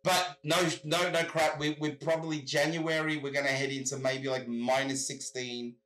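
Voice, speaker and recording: A middle-aged man, a guest telling stories in animated, casual chat over a video call, swearing freely. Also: mid-range voice, moderate pace, reverberant, a little hiss or hum.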